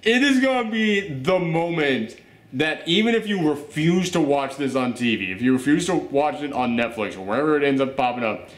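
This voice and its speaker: A man talks through a TV series in a casual review, animated and joking. His voice sits at an ordinary middle pitch. The sound is roomy and echoey. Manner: animated, joking, acts out scenes in little voices. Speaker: review show host. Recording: roomy echo.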